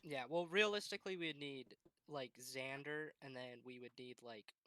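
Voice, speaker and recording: A man chatting as a player in a tabletop game, hesitant and casual. His voice is bright and tense. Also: medium pitch, normal speed. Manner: hesitant, laughing often.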